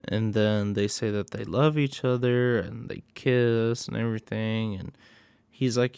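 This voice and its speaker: Man, casual horror movie recap, excitable, swears a lot, gravelly voice, slow delivery. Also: fairly low pitch, no room sound. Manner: profane, excitable storytelling.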